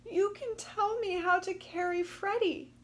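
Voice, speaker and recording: A woman voicing a gentle, sad mother kangaroo in a storybook reading, speaking in a pleading way. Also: very high voice, measured pace, pitched above the performer's own voice. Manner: plaintive, pleading. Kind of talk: storybook read-aloud.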